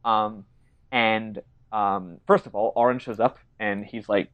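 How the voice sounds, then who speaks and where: A man's voice: fairly low pitch, fairly even intonation, unhurried, a bit bright, muffled recording. A man co-hosting a podcast, casually recapping a game's plot and acting out characters' lines with laughs and swearing. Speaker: podcast co-host. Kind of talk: casual chat recapping a game.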